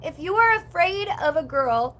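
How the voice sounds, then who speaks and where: High-voiced young woman livestreamer, chatty. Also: lively intonation, normal speed, fairly bright tone, a little hiss or hum. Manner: chatty, rambling, lots of "like" and "um"; reads chat comments aloud. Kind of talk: casual livestream chat.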